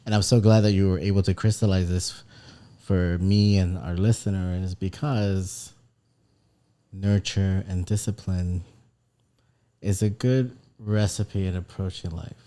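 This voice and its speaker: A man's voice: low-pitched, steady tone, measured pace, mellow. A man from the southern US co-hosting a casual podcast, reflective and playful. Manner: reflective, playful, puts on a sad drawl. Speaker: podcast co-host. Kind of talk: casual chat.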